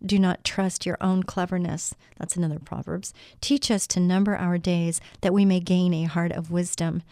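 Middle-aged woman, devotional show host, earnest, warm tone, dry close sound. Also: mid-range voice, no room sound. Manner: earnest, addresses listeners with direct questions. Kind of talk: devotional talk with scripture reading.

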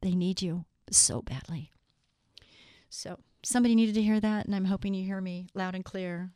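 A middle-aged woman delivers a devotional talk with scripture readings, earnest and heartfelt as she speaks straight to her listeners. Her voice is smooth and clear, recorded close and dry. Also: medium pitch, steady tone, moderate pace, dark tone, no echo. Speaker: Christian speaker.

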